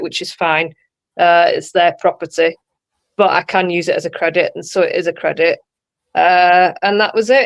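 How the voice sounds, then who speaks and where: A woman's voice: fairly low pitch, low-quality recording. A woman talking casually as a guest on a chat show, laughing often between her stories. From England. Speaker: tour guide and guest.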